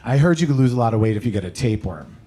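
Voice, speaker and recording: A man doing a stand-up set at a comedy club, delivering deadpan one-liners with quick self-corrections. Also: medium pitch. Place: comedy club stage with audience laughter.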